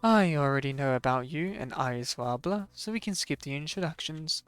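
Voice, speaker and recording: A streamer reading out the lines of a brisk, unsmiling female game character with an impatient, matter-of-fact delivery. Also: medium pitch, expressive, clear, resonant tone, dry recording, faint music behind, close to an everyday voice.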